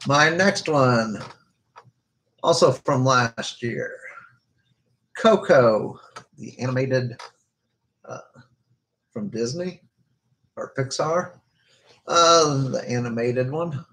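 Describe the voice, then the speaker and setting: A man's voice: medium pitch, expressive, drawn-out words, long pauses, fairly bright tone, rough recording. Hesitant man reviewing movies. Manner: hesitant, lots of filler "uh"s. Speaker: podcast co-host, movie reviewer. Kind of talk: casual movie review chat.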